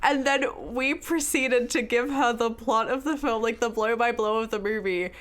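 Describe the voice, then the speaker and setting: Aussie girl on a podcast, kinda high pitched, laughy, animated storytelling. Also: normal speed. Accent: Australian. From Australia. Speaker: podcast co-host. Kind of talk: casual chat.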